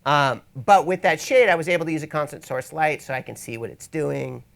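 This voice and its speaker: A man's voice: on the high side, brisk, creaky, fairly bright tone. A man presenting a photography workshop in a casual teaching style, with wry, rambling asides, speaking in an event space to an audience. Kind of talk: casual instructional talk.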